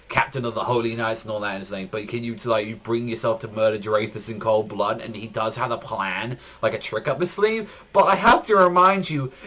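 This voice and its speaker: A man giving a casual spoken manga chapter review, rambling with constant fillers and jumping up in pitch when excited. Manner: rambling, heavy use of "like", frequent restarts.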